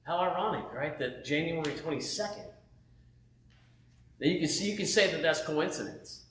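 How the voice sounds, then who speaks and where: Animated man preaching in an echoey room. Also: on the high side, normal speed, slight background noise. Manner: casual and animated, says "man" and "right?" often. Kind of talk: sermon testimony. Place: at home.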